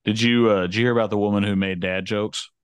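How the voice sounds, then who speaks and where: A man with a lowish voice chats casually on a podcast, trading dad jokes. He teases his co-host and breaks into laughter easily. The sound is dry and close, with no room in it. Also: steady tone, fast talker, clear, resonant tone, no room sound.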